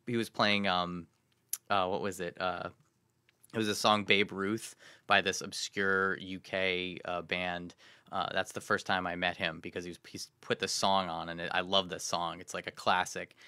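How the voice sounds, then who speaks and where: Bright, rambling male podcast co-host. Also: sits low, clear, resonant tone, no echo, studio quality. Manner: rambling, many restarts, trails off quietly. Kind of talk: casual chat.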